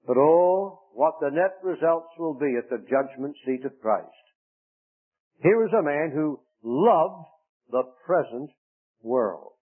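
Older male preacher, fairly high voice, emphatic drawn-out words, tinny radio broadcast sound. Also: animated, breathy edge. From Lancaster, Pennsylvania. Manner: slow, emphatic preaching that stretches key words. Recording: tinny phone-like radio recording.

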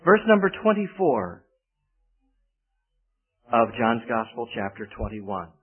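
A man's voice: medium pitch, very animated, slow, breathy edge. Folksy male preacher on a tinny line. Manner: folksy storytelling, acts out quoted voices. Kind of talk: sermon with personal anecdote. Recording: tinny phone-like band.

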